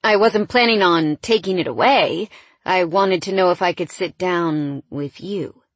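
Lady doing a cool confident guy, teasing, husky voice. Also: on the low side, a little slow, no echo. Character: deep-voiced confident man.

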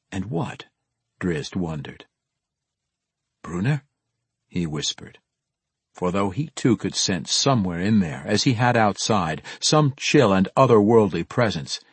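A man narrating a fantasy audiobook in an expressive, dramatic reading style with a husky voice. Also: on the low side, no room sound.

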